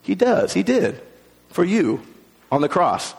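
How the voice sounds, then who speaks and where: Male pastor, animated sermon delivery, slightly high voice, long hall echo. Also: takes it slowly, vocal fry, slightly rough. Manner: animated, acts out voices in quotes.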